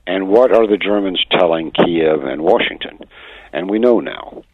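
Deep gravelly man on a phone line. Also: expressive, normal speed, no echo. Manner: emphatic, lecturing. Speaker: guest commentator. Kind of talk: radio phone interview. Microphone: telephone. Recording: tinny dry phone line.

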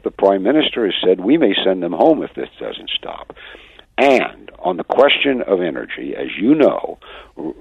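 Deep gravelly man on a phone line. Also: no room sound. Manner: emphatic, lecturing. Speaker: guest commentator. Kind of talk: radio phone interview. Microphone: telephone. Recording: tinny dry phone line.

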